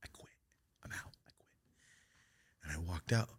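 A man hosting a podcast, telling a story in casual chat, animated and profane with loud outbursts. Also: sits low, normal speed, husky, no echo, studio quality. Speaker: podcast host.

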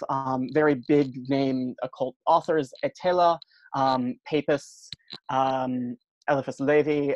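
A man's voice: on the high side, no echo, muffled recording. A man, a podcast guest, chatting casually and explaining at length with many ums and you-knows. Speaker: podcast guest, tarot practitioner.

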